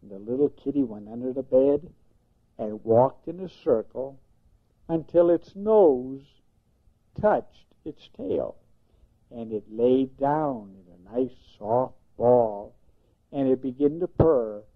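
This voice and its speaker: An older man, a grandfather, slowly telling a gentle bedtime story in a singsong way. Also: mid-range voice, lively intonation. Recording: tinny phone-like sound.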